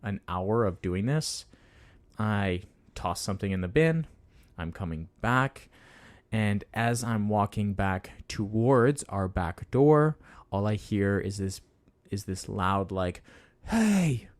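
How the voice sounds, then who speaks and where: A man co-hosting a casual podcast, telling a story in a lively way and acting out what people said. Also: on the low side, takes it slowly. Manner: animated storyteller, acts out quoted voices. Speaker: podcast co-host.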